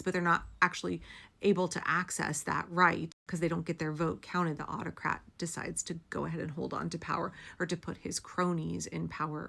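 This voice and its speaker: A woman's voice: on the low side, creaky, fairly bright tone. A woman giving impassioned, blunt political commentary straight to her audience, swearing for emphasis. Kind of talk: direct-to-camera political commentary.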